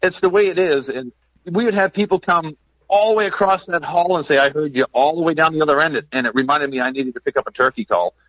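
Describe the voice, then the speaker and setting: A man's voice: on the high side, fast, a bit bright, no echo. Chatty man on a dull dry mic. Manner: chatty, storytelling, upbeat. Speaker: game call maker, podcast guest. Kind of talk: casual podcast chat.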